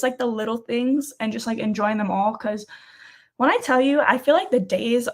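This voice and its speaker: A young woman in her twenties hosting a casual weekly live chat, rambling and laughing often. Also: a little high.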